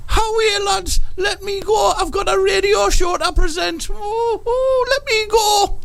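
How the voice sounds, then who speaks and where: A squeaky helium kidnap victim. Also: male voice, unhurried, vocal fry, a bit bright, a little hiss or hum, full character voice. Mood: pleading. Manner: wailing, pleading. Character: kidnapped male radio presenter, pleading, helium-squeaky.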